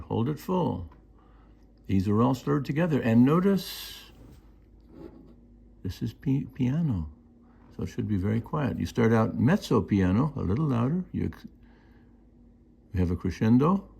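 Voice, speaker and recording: A man's voice: medium pitch, creaky, dark tone, slightly rough. A man teaching music, explaining markings and singing out rhythms and counts. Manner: sings rhythms and counts beats aloud. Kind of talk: instructional explanation.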